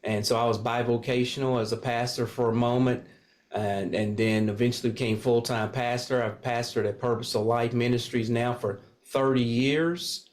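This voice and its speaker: Older male pastor from Kentucky, middle pitch, earnest and steady, interview guest. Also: moderate pace. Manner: earnest, steady, with frequent fillers. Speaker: pastor and candidate. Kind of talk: casual interview talk.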